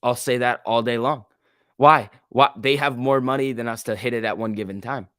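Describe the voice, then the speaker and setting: A young man hosting a live stock market stream, talking casually and excitably, swearing freely and reading chat aloud. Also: mid-range voice, brisk, clean tone, no echo, clean studio sound. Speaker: stock market livestream host.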